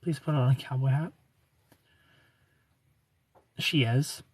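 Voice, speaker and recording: A man's voice: medium pitch, fairly even intonation, takes it slowly, slightly rough. A young man hosting a casual livestream, greeting viewers and ranting with plenty of swearing and laughter. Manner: ranting, profane, laughing often. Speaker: livestream host. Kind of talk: casual livestream chat reading comments.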